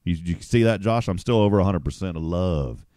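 A man's voice: deep voice, brisk, mellow, dry recording, studio quality. A man hosting a casual morning radio show, chatty and upbeat, greeting listeners by name.

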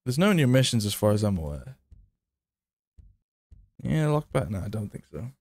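Man, gameplay commentary, chatty, self-mocking, swears when frustrated, lively, swooping pitch. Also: moderate pace, no echo. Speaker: gaming video creator.

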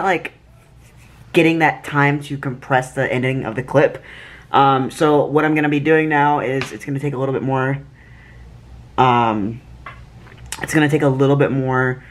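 Tired young man rambling to camera. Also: medium pitch. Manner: rambling, many fillers and restarts. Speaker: vlogger. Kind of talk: casual chat to camera. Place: at home at night.

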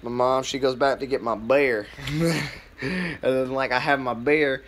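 Young man, laid-back rambling storyteller, bright forceful tone, lots of swearing and fillers. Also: mid-range voice, steady tone, measured pace, a little hiss or hum. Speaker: vlogger.

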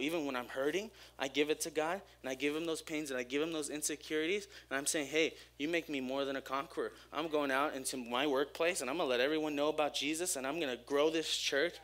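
A young man with a voice on the high side delivers a casual, energetic sermon at a church service. He jokes with the crowd and speaks openly about himself.

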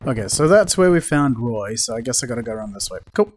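A man's voice: medium pitch, big pitch swings, fast talker, a little mellow. A man commentating his game playthrough, joking at the game and laughing often. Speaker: gaming channel host. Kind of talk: let's play commentary.

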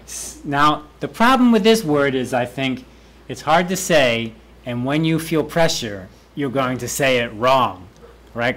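A man's voice: medium pitch, animated, a little slow, a bit bright. A man teaching a university English class, repeating key words aloud and joking with students. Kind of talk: classroom lecture.

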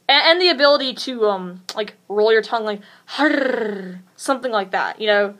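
A woman's voice: fairly high pitch, fairly bright tone. A woman chatting casually in a vlog tutorial, rambling and hesitant with lots of fillers. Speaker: vlogger.

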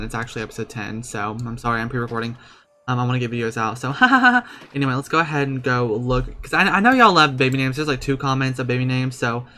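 A young man giving casual, chatty commentary over a life-sim game, excitable and swearing freely as he talks to his viewers. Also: medium pitch. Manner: excitable, with sudden gasps and squeals; chatty and profane, talking straight to viewers. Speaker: let's play creator.

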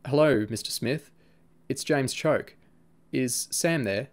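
A man's voice: medium pitch, takes it slowly, voice pushed up. A man voicing a defensive, troubled young boy who sulks and pleads with his friend. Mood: pleading. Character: defensive troubled twelve-year-old boy.

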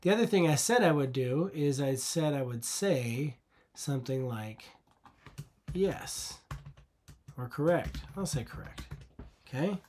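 A man's voice: a little high, animated, measured pace, long pauses, darkish tone, a little hiss or hum. A man teaching a coding lesson over a screen recording, patient and conversational, often asking the viewer rhetorical questions.

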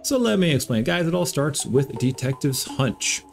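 A man's voice: a little high, sing-song, moderate pace, gravelly, a little hiss or hum. A man in an upbeat way explaining game builds to viewers, often calling them "guys". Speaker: gaming YouTuber.

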